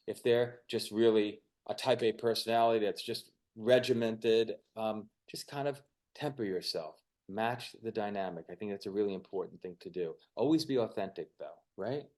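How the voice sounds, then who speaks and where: A man's voice: lowish voice, moderate pace. Easygoing man giving webinar advice. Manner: relaxed, rambling, hesitant with fillers. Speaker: co-host, media coach. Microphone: lavalier on a video call.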